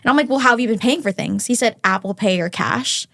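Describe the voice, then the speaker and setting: A woman's voice: a little high, fast, vocal fry. A young woman, a podcast guest, telling a dating story in casual chat and acting out the quotes. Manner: animated, acts out quotes in storytelling.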